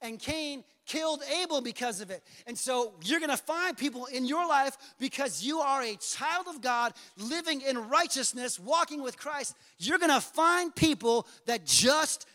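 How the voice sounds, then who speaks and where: A man preaching a passionate sermon as pastor, repeating phrases and building to shouts. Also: very high-pitched, expressive, moderate pace, hardly any pauses, big-room sound. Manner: passionate, repetitive, rising to shouts.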